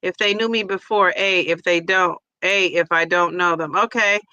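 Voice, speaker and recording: A woman's voice: lowish voice, steady tone, moderate pace, bright, forceful tone, smooth, no room sound, muffled recording. A woman hosting a casual livestream, chatty and laughing easily as she reads a quiz and viewer comments aloud. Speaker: livestream host.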